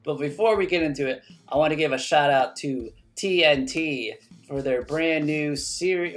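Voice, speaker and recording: A man's voice: on the high side, animated, moderate pace, faint music behind. A man hosting his own podcast, talking casually and enthusiastically, rambling with many fillers. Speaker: podcast host. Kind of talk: casual solo podcast chat.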